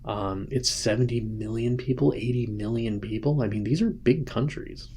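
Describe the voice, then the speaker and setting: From home, with a sleeping child nearby, a man hosts a casual political commentary show, rambling and often restarting or rephrasing his points. His voice is medium-pitched, darkish and slightly rough, at a moderate pace.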